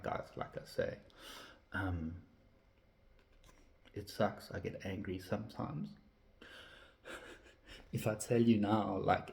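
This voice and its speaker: A man's voice: creaky, darkish tone. A man, talking candidly to camera, swearing often and ranting with heat. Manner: swears constantly, heated and ranting; drops to low, reflective tone. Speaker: vlogger. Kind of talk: candid personal talk to camera.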